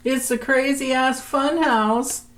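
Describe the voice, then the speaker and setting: A woman's voice: high voice, steady tone, takes it slowly, slight background noise. A woman giving a chatty tarot reading, laughing often and restarting her sentences as she talks. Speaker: tarot reader. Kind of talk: casual tarot reading vlog.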